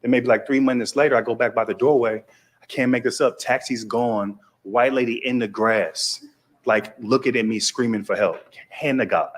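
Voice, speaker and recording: A man's voice: mid-range voice, moderate pace. A man from Texas with a Texas accent, telling a stand-up comedy story and acting out the voices of other people.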